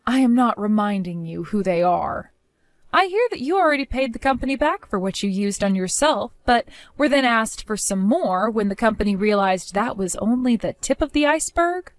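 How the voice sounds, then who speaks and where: Cool, measured woman narrating a story. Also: a little high, animated, no room sound. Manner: cool, measured and matter-of-fact.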